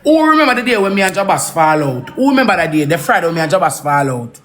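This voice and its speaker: A social media personality with a Jamaican accent and a lowish voice rants angrily in a heated live session. She talks fast and very animatedly, swearing and repeating herself.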